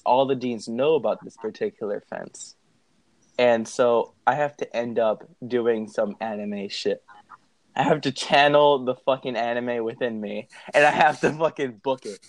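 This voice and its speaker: A young man telling a story in a casual, animated way, swearing and laughing as he goes. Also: mid-range voice, no room sound.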